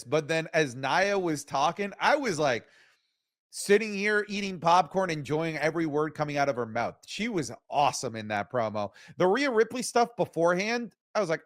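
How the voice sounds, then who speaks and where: A man's voice: on the high side, normal speed, no room sound. Opinionated man co-hosting, dry sound. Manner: opinionated, animated. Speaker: co-host. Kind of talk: casual wrestling review show.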